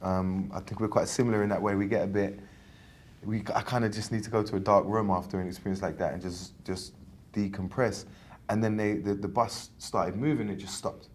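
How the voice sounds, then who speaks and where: A man's voice: fairly low pitch, brisk, slight background noise. A man in his thirties from England, an actor chatting in an interview, telling stories animatedly with many restarts. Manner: animated storytelling, frequent restarts. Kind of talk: casual interview chat.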